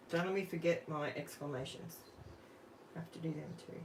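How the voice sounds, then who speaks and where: A woman's voice: low-pitched, fairly even intonation, a little fast, recorded from a distance, rough recording. An Australian woman hosting a live crafting stream, chatting casually and thinking aloud while she works, asking viewers questions. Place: home craft room. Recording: off-mic with faint room noise.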